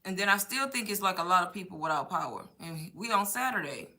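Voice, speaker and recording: A young woman hosting a live stream, telling stories in an animated, chatty way. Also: on the low side, fast talker. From Texas. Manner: animated storytelling with laughs. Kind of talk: casual chat.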